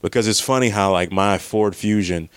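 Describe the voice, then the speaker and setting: Deep-voiced man swearing through a story. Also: normal speed, smooth, no echo. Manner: profane, rambling, animated retelling. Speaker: comedian. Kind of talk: casual storytelling monologue.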